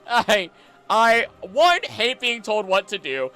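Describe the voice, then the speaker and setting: A man streaming casually, skimming text aloud quickly with mumbled filler and breaking into loud, heated rants. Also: high voice, sing-song, vocal fry, clear, resonant tone, soft background music. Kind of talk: casual live-stream chat, reading aloud.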